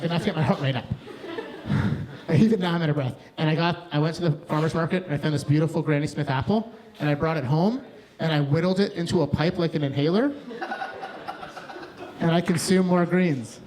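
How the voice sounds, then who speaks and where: A man from Hamilton, Ontario, performing live stand-up comedy in a rambling, profane, excitable way. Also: fairly high pitch, brisk, poor audio. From Hamilton, Ontario, Canada. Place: small bar stage with live audience. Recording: live bar set with crowd noise.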